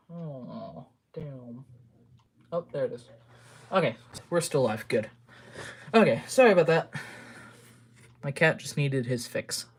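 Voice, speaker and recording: A Minnesotan woman with a strikingly deep voice talks unhurriedly on a casual home livestream. She drifts between relaxed chat with viewers and soft, doting coos to her pet, with a faint hiss of noise behind her. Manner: coos affectionately at her cat between chatty asides. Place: home room.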